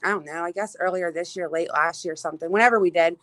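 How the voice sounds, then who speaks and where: A woman's voice: fairly low pitch, quick pace, a bit bright, no room sound, low-quality recording. A woman hosting a casual livestream from outdoors on a phone, greeting viewers and venting in an exasperated, profane way with lots of fillers and restarts. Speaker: livestream host.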